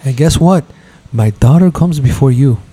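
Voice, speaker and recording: A middle-aged man hosting a podcast, telling a heated story in casual chat and mimicking others in a higher voice. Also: moderate pace, warm tone, husky. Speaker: podcast host.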